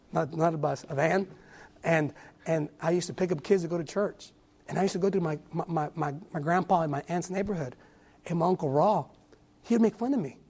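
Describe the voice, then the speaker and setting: Earnest husky-voiced man preaching a testimony. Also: high voice, darkish tone. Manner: earnest, repeats words often, stammering restarts. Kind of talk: sermon testimony.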